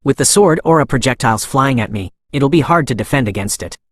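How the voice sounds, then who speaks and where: A man's voice: mid-range voice, expressive, brisk, close to an everyday voice. A man voicing a cursing, desperate male swordsman in a comic recap. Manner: cursing, panicked.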